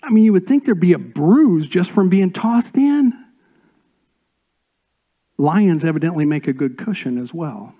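A pastor preaching a sermon, rising to loud emphatic lines and dropping to near-whispered asides. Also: male voice, high-pitched, very animated, unhurried, pauses often. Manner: swings between raised emphatic lines and soft whispered asides.

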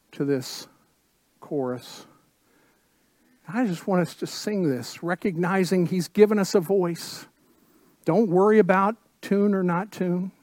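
A man preaching a sermon as pastor, emphatic and full of repeated phrases, dropping suddenly to soft tones. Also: fairly high pitch, no room sound, clean studio sound.

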